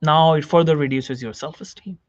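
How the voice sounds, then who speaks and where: A man's voice: on the high side, steady tone, fairly quick, no echo, muffled recording. A man, a doctor, giving a seated self-help psychology talk, repeating phrases and asking the viewer questions. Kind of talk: direct-to-camera self-help lecture. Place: seated on a chair.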